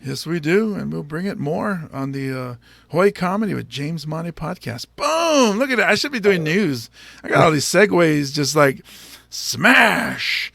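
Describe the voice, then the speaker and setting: A man's voice: on the high side, lively intonation, normal speed, creaky, fairly bright tone, dry recording. A man hosting a comedy podcast, chatting casually and playfully and slipping into jokey bits. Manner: playful, joking, slips into bits.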